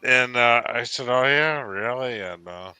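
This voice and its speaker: Massachusetts guy rambling on, cussing, lotsa fillers, bright sharp voice. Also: medium pitch, a little slow, smooth, no room sound. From Massachusetts, Cape Cod. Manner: rambling, profane, many fillers. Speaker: host. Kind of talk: casual chat.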